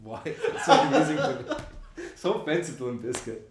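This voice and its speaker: A man co-hosting a casual movie chat, animated and laughing often as he acts out scenes. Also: medium pitch, fairly quick, a little hiss or hum. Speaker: podcast co-host. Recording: roomy echo.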